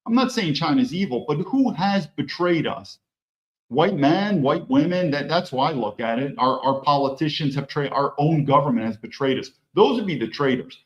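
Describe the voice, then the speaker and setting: A man's voice: mid-range voice, animated, moderate pace. Emphatic male host, echoey lo-fi sound. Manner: emphatic, poses rhetorical questions and answers them. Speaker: political commentary host. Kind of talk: solo opinion monologue.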